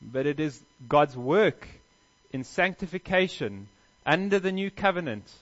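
A man's voice: a little high, animated, measured pace, muffled recording. A man preaching a sermon as pastor, earnest, with emphatic stresses and rhetorical questions.

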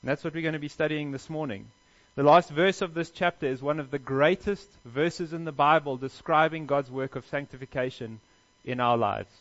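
Earnest preaching man, slightly high voice. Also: moderate pace, a bit bright, muffled recording. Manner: earnest preaching with emphatic rising stresses and rhetorical questions. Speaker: pastor. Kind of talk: sermon.

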